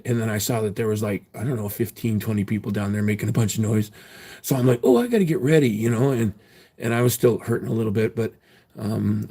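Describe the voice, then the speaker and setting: A man tells a long story on his livestream, rambling and restarting his sentences often. His voice is gravelly and husky, and his pitch sits in an ordinary middle range for a man. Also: dark tone. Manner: rambling, many fillers and restarts.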